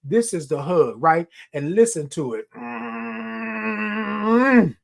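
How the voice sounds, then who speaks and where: A man's voice: fairly high pitch, very animated, normal speed, darkish tone, husky. Emphatic man hosting a live stream. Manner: emphatic and affectionate, repeats phrases. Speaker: host of a live-stream show. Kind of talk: casual live-stream talk to viewers.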